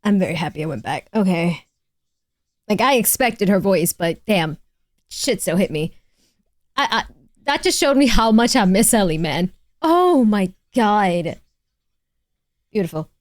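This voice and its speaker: A woman's voice: mid-range voice, expressive, unhurried, long pauses, no room sound. A woman streaming a game, reacting casually and emotionally, gushing and swearing freely as she talks to her chat.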